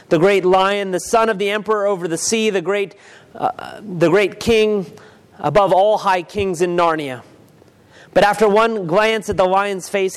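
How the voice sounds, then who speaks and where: Storytelling reader, male, high-pitched, long reverb: slow, deliberate, dramatic pauses. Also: clear, resonant tone. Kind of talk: reading a novel excerpt aloud.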